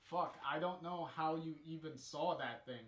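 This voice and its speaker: A man's voice: fairly high pitch, normal speed, fairly bright tone, roomy sound. A man streaming live, reading a comic aloud and chatting about it casually, swearing freely and laughing easily. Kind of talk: casual live read-along commentary.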